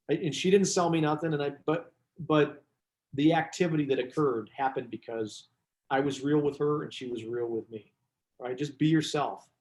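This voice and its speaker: Guy business coach rambling through stories, mid-pitched voice, echoey room. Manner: animated storyteller, frequent restarts and asides. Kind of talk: casual interview chat. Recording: roomy echo.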